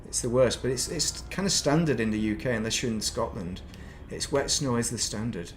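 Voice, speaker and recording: A man's voice: mid-range voice, a little fast. A man in mid-range voice talks his way through a game session on stream, drifting off on tangents and poking fun at himself. A faint hum of ambience sits under his close desk mic. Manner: rambling, chatty, self-deprecating asides. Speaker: gaming streamer. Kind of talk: casual live-stream chat while playing.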